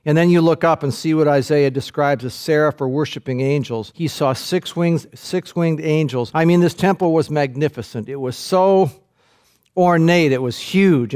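Male preacher, slightly high voice, vivid storyteller, moves from hushed to intense. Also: smooth. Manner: vivid storytelling, guiding listeners to picture the scene; swings from hushed low passages to raised, intense climaxes. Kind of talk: sermon.

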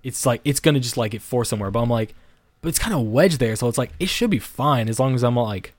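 Young male podcast co-host, mid-pitch voice, swears a lot, rambling, dry close sound. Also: animated, fast, dry recording. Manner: rambling, heavy swearing, many restarts and "like" fillers. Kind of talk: casual storytelling.

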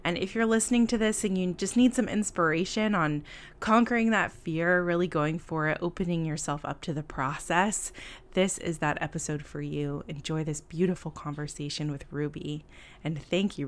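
A woman's voice: low-pitched, normal speed. A woman hosting a casual podcast interview, gushing and enthusiastic, with lots of fillers. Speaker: podcast host.

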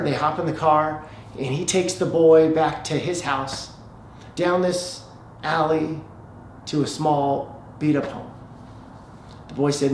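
A male pastor preaching a sermon, telling a story and slowing down for emphasis. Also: fairly high pitch, fairly even intonation, a little hiss or hum. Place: church sanctuary. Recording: echoey church hall, faint ambience.

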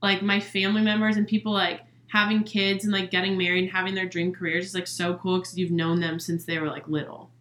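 Bright-voiced young woman in an echoey room. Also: on the low side, flat delivery, brisk, few pauses, a little hiss or hum. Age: young adult. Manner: rambling, heavy on "like". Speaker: podcast co-host. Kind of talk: casual chat.

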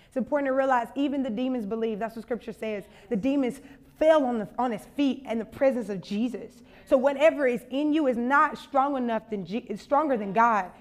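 A young woman with a bright, high voice gives a sermon. She chats loosely and jokes with her listeners, then builds to a passionate, urgent appeal. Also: fairly quick. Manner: conversational, humorous, building to impassioned exhortation. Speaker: conference speaker.

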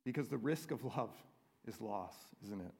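A man's voice: on the low side, animated, moderate pace, vocal fry, a little mellow, breathy edge. A man preaching a sermon as a pastor, earnest and conversational, often checking in with the congregation. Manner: earnest, conversational preaching with frequent tag questions. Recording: long reverb of a large hall.

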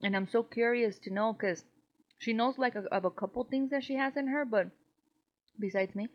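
Here a woman from Mexico, pitched fairly high and speaking at normal speed, co-hosts a casual podcast. Rambling and laughing frequently, she swears freely and comes across as a bit tipsy, all on a somewhat dull lo-fi recording.

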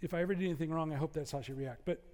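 A man preaching a sermon, conversational and lively, with asides and humor to the congregation. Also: fairly high pitch, racing, in a large hall. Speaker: pastor.

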